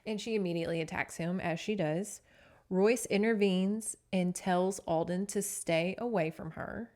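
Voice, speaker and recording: A woman podcast host recapping a romance novel in a chatty, profane, animated way. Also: lowish voice, moderate pace. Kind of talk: casual book recap.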